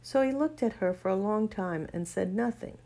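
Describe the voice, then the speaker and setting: Woman, storybook narration, gentle, measured, mid-pitched voice. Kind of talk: storybook reading.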